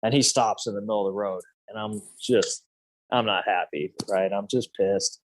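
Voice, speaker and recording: A man's voice: lowish voice, steady tone, moderate pace. A man in his thirties telling a story as a podcast guest, loose and rambling, full of fillers. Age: 30s. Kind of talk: casual storytelling.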